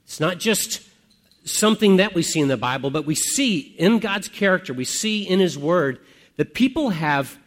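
Male pastor, sermon delivery, slightly high voice with lively, varied pitch.

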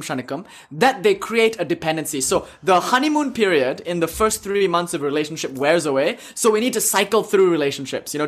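A young man leading a yoga class, giving a casual, joking spiritual talk and laughing often between thoughts. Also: sits high. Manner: laughs often, jokey, rambling with fillers. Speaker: yoga teacher.

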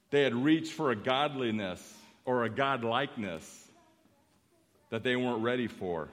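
A pastor preaching a sermon in an animated, emphatic way, repeating phrases for effect. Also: male voice, medium pitch. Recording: long reverb of a large hall.

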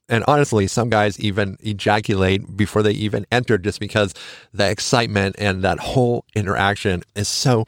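Gravelly low-voiced man giving frank advice. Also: no echo, studio quality. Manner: candid, joking, conversational with frequent "you know". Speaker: podcast host. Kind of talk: frank casual advice monologue.

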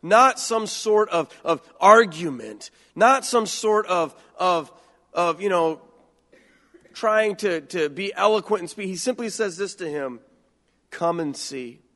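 A man delivers a sermon in a fairly high voice, speaking earnestly and conversationally. He often doubles back and repeats words mid-thought. A long reverb trails his voice through the hall. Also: expressive, unhurried, sharp tone. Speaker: preacher.

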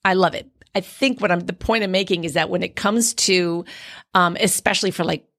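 This is a lowish, fairly quick woman's voice belonging to a middle-aged actor from Canada. Chatting on a podcast, she spins an animated story and acts out her inner monologue along the way.

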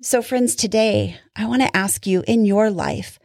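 A woman's voice: medium pitch, measured pace, creaky, no room sound, studio quality. A woman giving a conversational Bible teaching, laughing now and then and acting out prayers as quoted speech. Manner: warm, often laughs, acts out prayers in quotes.

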